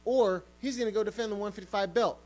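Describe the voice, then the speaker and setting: A man's voice: high-pitched, quick pace, darkish tone, poor audio. A man hosting a sports podcast, ranting heatedly and swearing often. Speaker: podcast host.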